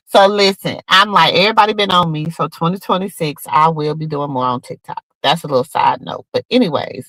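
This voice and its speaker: A woman hosting a casual gossip show, talking straight to her viewers in an animated, chatty way. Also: sits low, fairly quick, hardly any pauses, no room sound, low-quality recording. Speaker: podcast host.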